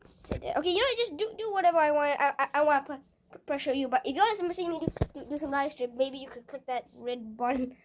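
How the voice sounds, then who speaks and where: A woman's voice: high-pitched, fast, slight background noise, low-quality recording. A woman hosting a gaming channel, chatting casually and stumbling over her words, repeating them as she goes. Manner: stammering, repeats words, chatty and self-conscious. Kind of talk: casual gameplay commentary.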